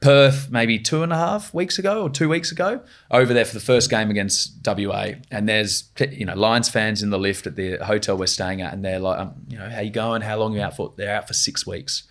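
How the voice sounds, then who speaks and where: An Australian man in his thirties, a podcast guest telling stories in relaxed casual chat and acting out the fans he quotes. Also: on the low side, moderate pace, few pauses. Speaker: podcast guest, former rugby captain.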